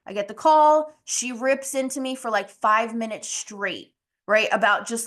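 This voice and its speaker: A woman's voice: a little high, a little slow, a bit bright. A woman health coach in a casual monologue, candid and blunt, laughing often and swearing casually.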